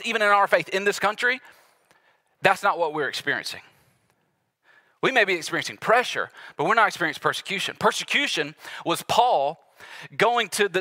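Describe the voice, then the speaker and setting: Bright-voiced man preaching conversationally. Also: high-pitched. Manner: conversational storytelling preacher, acts out quotes. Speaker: pastor. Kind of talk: sermon.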